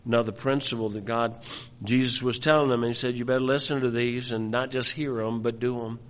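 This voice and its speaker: An older male pastor tells a family story in his sermon, circling back and repeating himself as he goes. His mid-pitched voice carries a long reverb from the hall. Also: steady tone, a little fast. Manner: storytelling, repeats words, many restarts.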